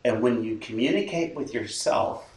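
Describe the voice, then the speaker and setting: Pastor talking in a roomy space. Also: male voice, medium pitch, normal speed. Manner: lively, acts out quoted inner talk, laughs often. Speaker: lead pastor. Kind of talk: casual chat. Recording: roomy sound from a distant mic.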